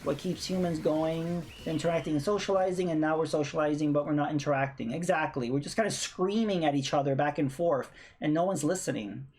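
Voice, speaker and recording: A woman's voice: low-pitched, darkish tone, slight background noise. A woman streamer ranting bluntly in casual chat while playing a game, swearing freely. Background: faint game music.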